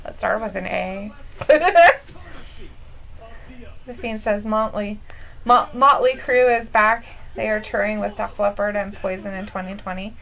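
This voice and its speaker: A woman's voice: mid-range voice, a little slow, vocal fry, long pauses, a bit bright, poor audio. A woman co-hosting a casual live stream, giggling often and reading out chat messages. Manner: giggly, reads chat aloud.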